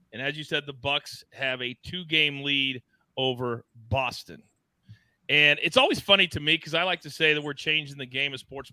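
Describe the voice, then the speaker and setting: Bright animated male sports host. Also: a little high, no echo. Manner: animated, storytelling, teasing co-hosts. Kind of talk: sports betting show banter.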